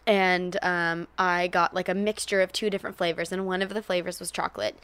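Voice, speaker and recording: A woman telling shared memories in a casual, animated way, laughing often and swearing now and then, close to a podcast microphone. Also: lowish voice, brisk, smooth. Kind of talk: casual chat.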